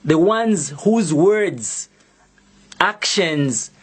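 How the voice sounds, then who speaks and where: A young adult Zambian man with a Zambian accent, speaking as an activist in a public video statement, in a deliberate and emphatic way with pointed pauses. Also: sits high, lively intonation, breathy edge.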